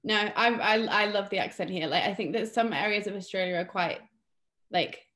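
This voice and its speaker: A woman's voice: mid-range voice, moderate pace, a bit bright. Chatty young British woman. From England. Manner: chatty, lots of fillers and restarts. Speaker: guest. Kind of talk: casual interview chat.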